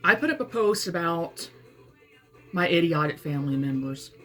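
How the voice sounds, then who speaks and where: A woman's voice: lowish voice, expressive, normal speed, a bit bright, soft background music. A woman from Alabama with a Southern accent, venting fury in a profane, emphatic personal rant. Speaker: vlogger and author.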